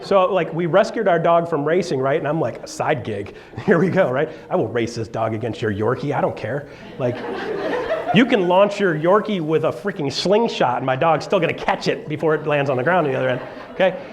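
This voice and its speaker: A middle-aged man speaking to a live audience as a real estate speaker, with a fairly high voice for a man. He tells a story in an animated, joking way, slipping into little voices for the people in it. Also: brisk.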